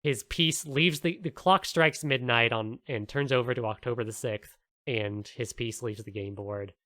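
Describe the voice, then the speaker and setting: A man co-hosting a podcast, excitedly retelling a story in casual talk and swearing a lot. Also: medium pitch, moderate pace, no echo. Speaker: podcast co-host.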